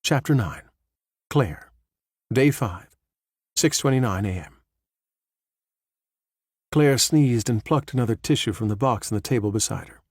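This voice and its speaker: Gravelly male audiobook narrator. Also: mid-range voice, a little slow, pauses often, a little mellow, dry recording, clean studio sound. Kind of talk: scripted narration.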